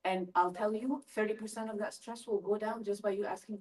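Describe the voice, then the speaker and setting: A woman's voice: mid-range voice, brisk. Engaging woman presenter, a bit far from the mic. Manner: lively, engaging, asks the audience questions. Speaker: school family-engagement presenter. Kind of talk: live parent workshop talk. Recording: voice from a distance from the mic.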